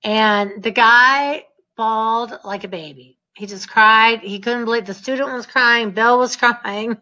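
A woman teaching a real estate seminar, telling stories in an emphatic, energetic way with lots of repetition. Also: fairly high pitch, unhurried, highs cut off.

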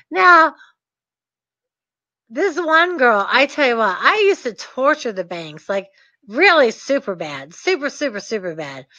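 A woman telling a casual story to camera in an animated, laughing, mischievous way. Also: sits high, takes it slowly, pauses often, no room sound, muffled recording. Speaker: real estate dealmaker.

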